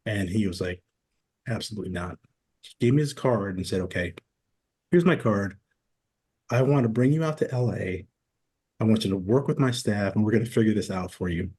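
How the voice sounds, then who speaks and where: Man in his forties, husky voice, dark and mellow tone, relaxed storyteller on a podcast. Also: fairly low pitch, normal speed, pauses often. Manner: relaxed storyteller who acts out quoted dialogue. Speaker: podcast guest, former military. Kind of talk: casual interview storytelling.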